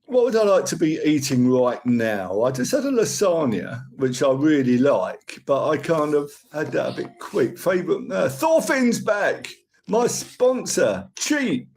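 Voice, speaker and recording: Older Cockney man, chatty live-stream host, a touch high-pitched, rambling. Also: very animated, measured pace, a little mellow, poor audio. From London. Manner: chatty, rambling, thanks viewers for gifts. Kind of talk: casual live-stream chat with viewers.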